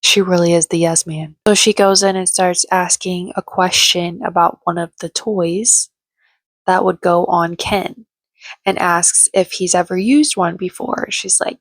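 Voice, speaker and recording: Brief: young woman, low-ish voice, gossipy and sarcastic recap chatter, dry close recording. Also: fairly even intonation, measured pace, dry recording. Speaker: reality TV recap vlogger. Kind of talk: casual chatty commentary.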